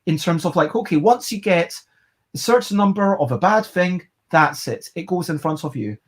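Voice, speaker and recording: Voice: medium pitch, animated, normal speed. Chatty board game reviewer. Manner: chatty, rambling, thinking aloud. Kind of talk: casual video review.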